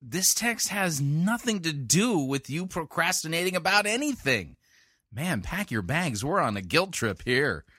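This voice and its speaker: A man's voice: fairly high pitch, very animated, measured pace, pushed and bright, breathy edge, dry recording, studio quality. A man hosting a radio talk show, commenting on a sermon with sardonic, wry asides. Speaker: radio host. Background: music bed.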